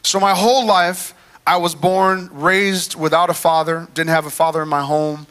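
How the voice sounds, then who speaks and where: A man preaching a sermon in a church, telling his own story in a lively, chatty way and drawing in the congregation. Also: on the high side, normal speed. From United States. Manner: animated, conversational, talks to the crowd. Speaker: guest preacher.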